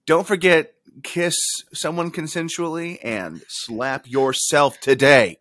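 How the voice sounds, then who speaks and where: A man co-hosting a podcast, riffing with animated, mock-outraged comic bits. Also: fairly high pitch, takes it slowly, few pauses. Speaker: podcast co-host. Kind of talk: casual comedic chat.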